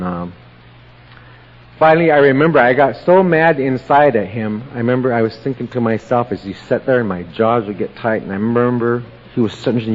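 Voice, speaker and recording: A man's voice: medium pitch, slight background noise. Man telling his story in a reverberant hall. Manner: slow, plain-spoken storytelling with pauses. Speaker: AA meeting speaker. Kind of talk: personal recovery story told to a meeting. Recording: lo-fi audio with long hall reverb.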